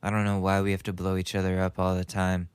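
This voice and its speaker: A man's voice: deep voice, monotone, quick pace, clean tone, no echo. Rambling joking young man, dry close mic. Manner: rambling, joking, laughs at own bits. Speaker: podcast host. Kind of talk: casual comedic commentary.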